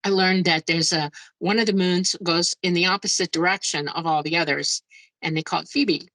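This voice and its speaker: Low gravelly woman telling an excited tale. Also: normal speed, no echo, rough recording. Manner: excitable, exclaims and laughs as she recounts. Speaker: guest, UFO experiencer. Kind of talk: casual first-person storytelling.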